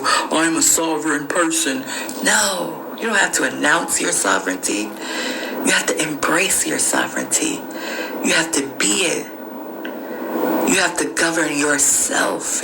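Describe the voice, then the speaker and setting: A woman's voice: deep voice, gravelly. A woman podcast host giving an emphatic, repetitive motivational spiritual monologue. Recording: noisy screen recording.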